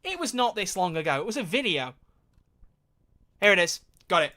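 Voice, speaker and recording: A man chatting casually on his live stream, reacting to chat in animated rants and swearing freely. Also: high-pitched, normal speed.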